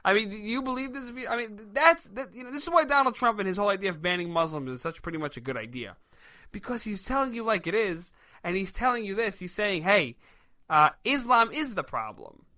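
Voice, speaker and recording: A man with a Brooklyn accent rants excitably as co-host of a satirical talk show. His voice sits high and cuts through with a hard, very bright edge. He talks in brash, pushy bursts. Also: fast talker.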